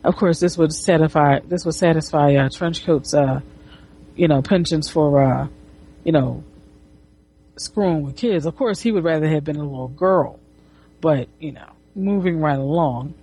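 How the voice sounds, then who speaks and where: A woman's voice: deep voice, normal speed, dark tone, breathy edge. A woman casually retelling a comic book, rambling with restarts and swearing. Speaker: comic reviewer.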